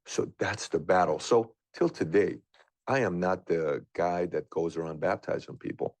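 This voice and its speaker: A guest in his thirties earnestly tells a personal story full of questions and doubt, rambling as he goes. His voice is deep and darkish at a moderate pace, with no room sound.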